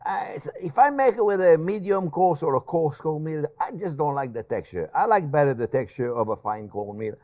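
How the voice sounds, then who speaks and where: Lively older chef with a tongue. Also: male voice, on the high side, moderate pace, few pauses. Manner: chatty, animated, laughs at himself, calls viewers friends. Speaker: chef and cooking show host. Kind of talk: casual cooking demonstration.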